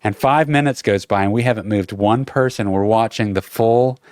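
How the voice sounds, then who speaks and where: Animated man telling a story on a podcast. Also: fairly low pitch, normal speed, dry recording, clean studio sound. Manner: animated, swearing, breathless retelling. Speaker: podcast co-host. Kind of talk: casual storytelling chat.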